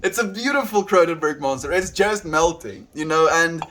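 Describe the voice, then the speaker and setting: A man's voice: a little high, lively intonation, moderate pace, a little hiss or hum. Laid-back rambling male streamer. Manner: laid-back, rambling, warmly thanks viewers by name. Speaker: daily livestreamer. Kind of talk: casual livestream chat with viewers.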